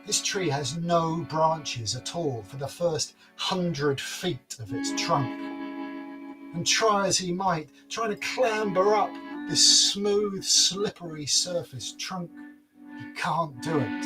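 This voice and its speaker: Man, storyteller, playful, unhurried, guitar behind. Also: a little high. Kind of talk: oral folk tale telling.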